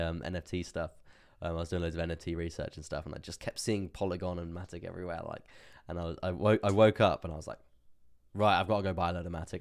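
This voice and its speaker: A young man hosting a crypto livestream, chatting casually about charts, laughing often and repeating himself as he reads the chat. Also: sits low. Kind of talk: casual live market commentary.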